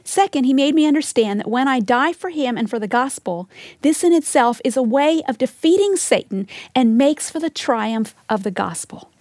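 A woman giving a recorded Bible teaching in an earnest, measured way, sometimes dropping to a soft whisper for emphasis. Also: high voice, animated, no echo, studio quality.

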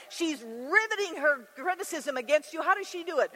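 A woman teaches a women's Bible study in an animated, chatty way, slipping into the voices of scripture figures. Her voice is high, and the long reverb of a large hall follows every phrase. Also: moderate pace, few pauses. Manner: animated, conversational, acts out scripture scenes.

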